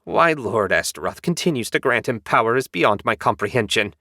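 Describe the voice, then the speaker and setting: A man's voice: medium pitch, animated, a little fast, pushed and bright, no echo, clean studio sound. A man voicing a bitter, sarcastic male demon servant with a grumbling, whiny manner in an audiobook. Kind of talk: audiobook character voice.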